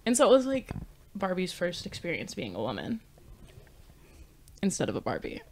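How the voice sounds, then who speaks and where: A woman's voice: lowish voice, wildly swooping pitch, moderate pace, a little mellow. A young woman co-hosting a podcast in casual chat, emphatic and teasing, laughing often. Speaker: podcast co-host.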